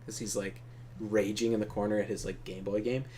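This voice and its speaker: A man's voice: lowish voice, flat delivery, fairly quick, mellow, a little hiss or hum. Rambling, profane man telling stories. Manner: rambling, profane, laughing often. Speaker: co-op gameplay host. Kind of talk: casual storytelling chat.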